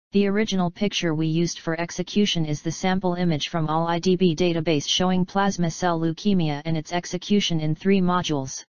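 A woman reading an academic paper aloud in an even, flat delivery, spelling out acronyms letter by letter. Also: fairly low pitch, clean tone, dry recording. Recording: dull, slightly lo-fi dry recording.

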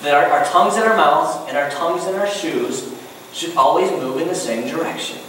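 A man's voice: on the high side, normal speed, a bit bright. A man preaching a conversational sermon as pastor, often asking the room questions. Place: church sanctuary. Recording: very echoey hall, voice a bit distant, faint noise.

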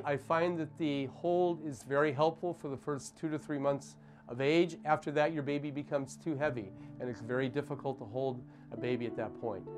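Man, pediatrician, slightly high voice, calm and gentle step-by-step instruction, clinic room, faint music under. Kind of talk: instructional demonstration.

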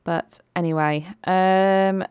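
A woman's voice: lowish voice, steady tone, takes it slowly, clear, resonant tone, no room sound, lo-fi sound. Chatty woman gaming. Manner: chatty, laughing, lots of ums. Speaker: let's play creator. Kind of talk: game commentary with voiced characters.

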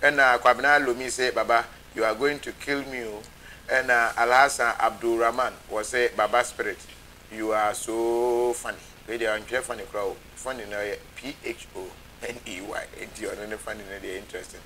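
A man's voice: medium pitch, steady tone, normal speed, pushed and bright, slight background noise, low-quality recording. A man hosting a live show, casually reading viewer comments aloud.

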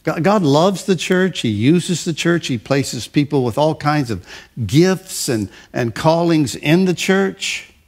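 With a fairly high pitch and lively intonation, this older man, a pastor, delivers a sermon in a conversational manner. He frequently restarts and repeats himself and slows to emphasize lists of phrases.

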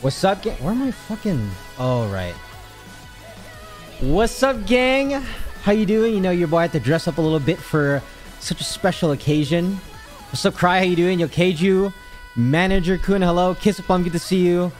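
Animated high-voiced male streamer. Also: moderate pace, soft background music. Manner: animated, swearing, exasperated rants. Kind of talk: casual livestream chat.

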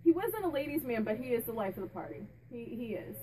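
A woman's voice: a little high, big pitch swings, quick pace, dark tone, recorded from a distance, a little hiss or hum, low-quality recording. A woman speaking as a medium, chatting casually and relaying what a spirit tells her, with many restarts and fillers. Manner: laughs and jokes with the spirit. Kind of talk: casual channeling talk to camera.

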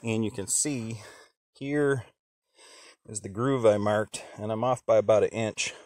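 A man's voice: on the low side, steady tone, unhurried, a little mellow, dry recording. A man casually explaining his sawmill work outdoors, thinking aloud with many fillers. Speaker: homesteader showing sawmilling. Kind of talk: casual how-to narration. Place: outdoors at a log pile.

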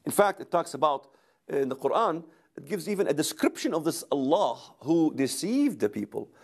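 A man lecturing to a camera in an emphatic, rhetorical way, often hammering a word again and again. His voice sits a bit high, swings widely in pitch, and carries a gravelly rasp. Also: big pitch swings, moderate pace. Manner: emphatic, repeats words for rhetorical effect. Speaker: speaker. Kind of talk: lecture recorded for video.

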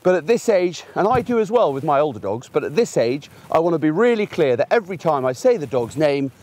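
A man's voice: fairly high pitch, sing-song, fairly quick, a little mellow, no echo. A middle-aged man, a gundog trainer, explaining puppy training outdoors in a chatty way, using everyday examples. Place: outdoors in a field by a fence.

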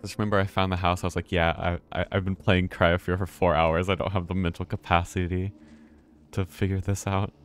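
A man's voice: deep voice, little pitch movement, a little fast, slight background noise. An American man giving live, chatty commentary while streaming a horror game, often restarting words and swearing casually. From United States.

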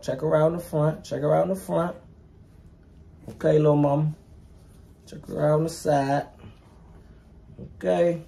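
A man's voice: a little high, creaky, mellow. Hyped-up slangy young man showing puppies. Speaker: dog breeder showing puppies. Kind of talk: casual vlog talk to viewers.

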